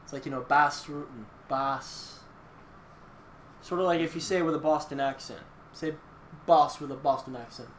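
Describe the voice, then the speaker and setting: A man's voice: on the high side, racing, hardly any pauses. A man playing a fighting game with friends, trash-talking and swearing like a mock commentator. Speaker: gamer. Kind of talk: casual let's play banter. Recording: echoey room, faint hiss.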